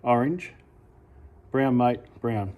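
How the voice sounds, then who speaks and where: An Australian amateur radio hobbyist with a mid-range voice gives a casual how-to demonstration, speaking slowly. He's relaxed and unhurried, correcting himself with "uh" and "sorry, correction."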